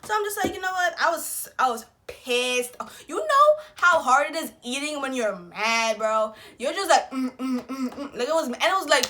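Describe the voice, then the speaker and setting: A young woman vlogger telling a personal story in a casual, slangy, animated way, acting out what people said. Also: high voice, normal speed, hardly any pauses. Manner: slangy, animated retelling with quoted voices.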